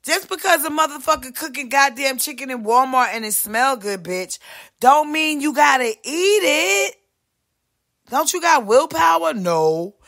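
A woman hosting a podcast, delivering a profane, brash monologue rant and slipping in quick impressions of other people. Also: high voice, animated. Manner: profane, brash, swings loud and soft, voices other people mid-rant. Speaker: podcast host.

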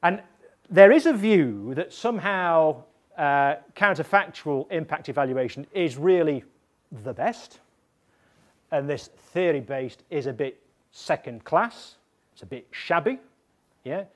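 A man, an evaluation expert, explaining methods to practitioners in a deliberate, emphatic way, often checking in with his listeners. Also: on the high side, animated. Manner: emphatic, repeats points and checks in with "yeah?".

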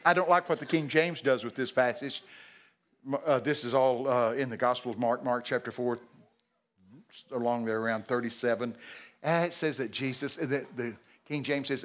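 A man preaching a sermon at a church service, animated and jokey, breaking into shouted acted-out lines. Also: mid-range voice, normal speed. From Texas.

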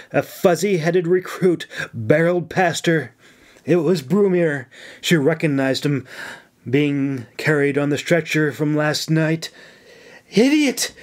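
Male audiobook narrator, slow and drawn out, somewhat high voice, dramatic fantasy reading. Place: home sound closet lined with blankets.

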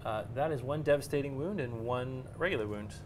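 A man with a mid-pitched, ordinary voice works through his turn out loud, counting dice and checking rules with his opponent in a loose, hesitant way. A faint hiss sits under his voice. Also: brisk. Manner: thinking aloud, counting dice and damage, hesitant fillers. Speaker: guest player. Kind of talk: casual play-by-play of a tabletop wargame.

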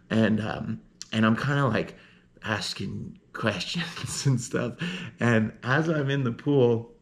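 A man, a snowboarder, telling a personal story in an earnest, rambling way, full of "like" and restarts, and ending with warm encouragement. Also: fairly low pitch, steady tone, takes it slowly, vocal fry. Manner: heartfelt, encouraging. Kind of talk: casual storytelling monologue.

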